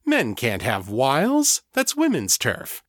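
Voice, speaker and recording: In an audiobook, a man plays a playful, smooth-talking male psychologist, pitching his medium-range voice above his natural one. The heavily acted delivery swoops wildly in pitch, moves slowly and sounds a bit bright, captured as a dry, studio-quality recording.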